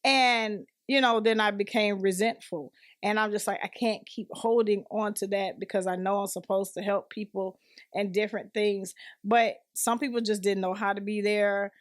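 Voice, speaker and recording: A woman's voice: mid-range voice, fairly even intonation, moderate pace, no room sound, clean studio sound. A woman as a podcast guest, sharing her personal story earnestly and acting out what others said. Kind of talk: personal testimony in conversation.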